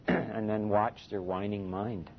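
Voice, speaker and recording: A man teaching a meditation retreat in a relaxed, conversational dharma talk, often saying "you know" and chuckling softly. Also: takes it slowly. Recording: dull lo-fi recording with faint rumble.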